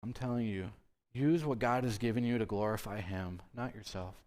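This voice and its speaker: A man's voice: on the low side, moderate pace, darkish tone. A man giving a youth group sermon, conversational and full of rhetorical questions. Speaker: youth pastor.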